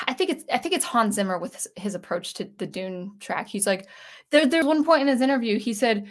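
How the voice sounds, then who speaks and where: A woman's voice: fairly high pitch, fairly quick. A woman composer hosting a video, ranting casually and rambling as she thinks aloud. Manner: rambling, self-interrupting, animated. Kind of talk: casual rant vlog.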